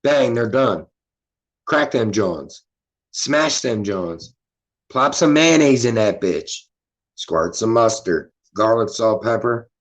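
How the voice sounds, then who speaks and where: A man's voice: on the low side, expressive, takes it slowly. A man hosting a casual livestream, laid-back and profane, reading the chat aloud. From Philadelphia. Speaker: livestream host.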